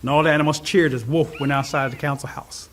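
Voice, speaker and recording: High-voiced, animated male storyteller. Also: fast talker, slight background noise. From Cherokee Nation. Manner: animated, expressive. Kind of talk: oral storytelling.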